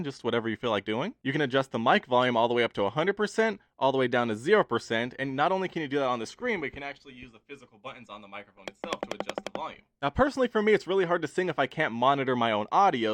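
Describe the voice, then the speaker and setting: A man's voice: mid-range voice, a bit bright, dry recording. A man walking through a product demo in an upbeat, playfully boastful way, recorded in a studio. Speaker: tech reviewer. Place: home studio.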